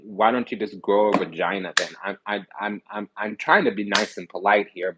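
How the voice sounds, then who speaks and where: A man's voice: fairly low pitch, steady tone, brisk, hardly any pauses, a bit bright, slight background noise, rough recording. A man giving a casual tarot reading, talking bluntly in slang and with swearing, and often stopping to restart his sentences. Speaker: tarot reader.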